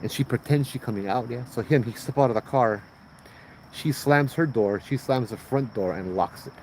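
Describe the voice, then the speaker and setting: A man with a Hawaiian Pidgin accent hosting a livestream, telling a ghost story in a lively way and putting on high voices for the people in it. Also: moderate pace, slight background noise, low-quality recording. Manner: animated, acts out voices in high pitch. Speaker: host telling ghost stories.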